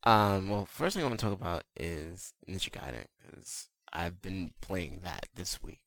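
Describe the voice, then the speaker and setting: A man co-hosting a casual gaming podcast, laid-back, with casual swearing and quick asides. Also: sits low, expressive, creaky, fairly bright tone. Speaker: podcast co-host. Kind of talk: casual chat about video games.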